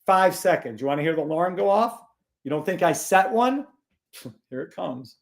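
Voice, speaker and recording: A man hosting a live trading stream, gruff and blunt, swearing and scolding his viewers while he calls out trades. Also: on the high side, expressive, moderate pace, faint music behind.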